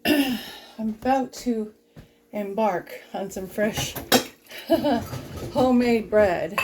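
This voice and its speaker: A woman's voice: on the high side, very noisy. A middle-aged woman vlogging while she cleans her kitchen, chatting in a rambling, giggly way. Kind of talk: casual chat while cleaning. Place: home kitchen. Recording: dish clatter in a kitchen. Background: clattering dishes and cutlery.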